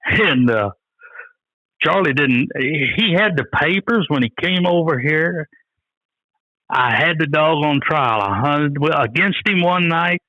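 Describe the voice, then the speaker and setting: A man's voice: on the high side, expressive, a little slow, bright, forceful tone, dry recording, highs cut off. An older man telling rambling, folksy stories in an interview, often quoting what others said. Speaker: guest, coon hunter. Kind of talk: storytelling in an interview.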